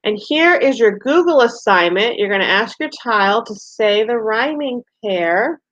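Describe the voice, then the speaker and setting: Woman teacher, young adult, slow expressive read-aloud for kids, muffled lo-fi recording. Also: fairly high pitch, no echo. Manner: slow, expressive storybook reading with playful animal sounds. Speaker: preschool teacher. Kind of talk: reading a picture book aloud to young children. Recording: dull lo-fi sound in a dry room.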